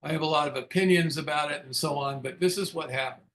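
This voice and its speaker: A man's voice: a little high, quick pace, a bit bright. An older man leading a recovery book study, telling his own story in a frank, self-mocking way with frequent chuckles. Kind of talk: candid storytelling talk.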